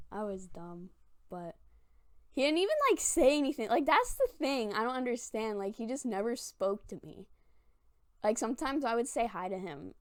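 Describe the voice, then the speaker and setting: A twenty-one-year-old woman vlogger tells funny stories to camera in a chatty, self-mocking style full of "like." Her voice is mid-range and the recording is dry.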